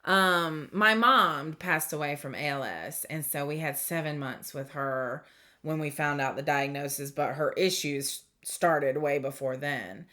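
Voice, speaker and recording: A woman giving a tarot reading to camera, speaking in a heartfelt, reflective way with pauses and fillers. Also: deep voice, sharp tone. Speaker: tarot reader.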